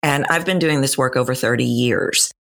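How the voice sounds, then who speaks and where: Texan woman, 50s, low register, lively storyteller, podcast guest. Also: normal speed, vocal fry. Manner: animated storyteller, acts out quoted voices. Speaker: voice and dialect coach. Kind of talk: podcast interview answers.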